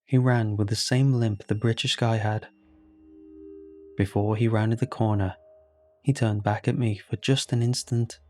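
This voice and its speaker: A man narrating a first-person horror story in a calm, measured way. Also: fairly low pitch.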